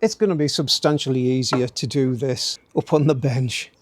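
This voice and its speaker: A man's voice: medium pitch, normal speed, slight background noise. A middle-aged man, talking casually through a DIY build outdoors and tossing in jokey asides and tag questions like "eh?". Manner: chatty, jokey, fond of tag questions like "eh?" and "don't you?". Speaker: DIY channel host. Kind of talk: casual DIY how-to narration. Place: outdoor garden workspace, light rain.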